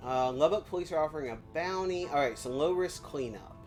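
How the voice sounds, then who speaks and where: A woman from Virginia commenting on her game as she plays it, in a notably low voice. She thinks aloud and jokes at her own expense in a relaxed, chatty way. Light music plays softly behind her. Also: brisk. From Virginia, USA. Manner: joking, self-deprecating, thinks aloud. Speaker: game streamer. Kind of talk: casual gameplay commentary.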